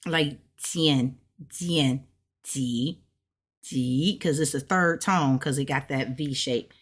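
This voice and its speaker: A woman learning a language who casually walks through her study notes, chatty and relaxed, often checking in with "right?". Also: deep voice. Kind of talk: casual step-by-step explanation.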